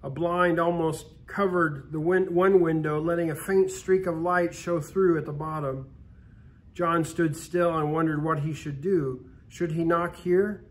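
High-ish voiced guy reading a christmas story aloud, steady, trips on a word now and then. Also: unhurried. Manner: steady storytelling with small restarts. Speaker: story reader.

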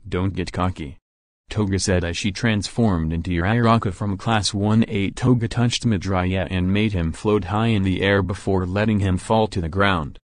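Low-voiced male story narrator, dry sound. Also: normal speed, hardly any pauses, no echo. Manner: steady storytelling. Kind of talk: fan fiction reading.

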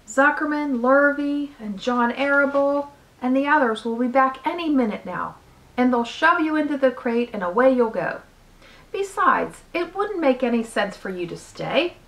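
A woman reading aloud, voicing a calm, wise female spider who speaks softly and gently. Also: high-pitched, voice pushed up, heavily acted, low-quality recording. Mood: firm. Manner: soft, quiet and gentle.

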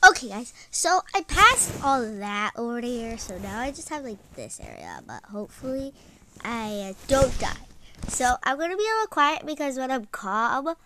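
A woman's voice: on the high side, wildly swooping pitch, moderate pace, pushed and bright, slight background noise, low-quality recording. A woman giving casual, stressed-out gameplay commentary, exclaiming often and saying "like" a lot. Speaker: gaming channel host.

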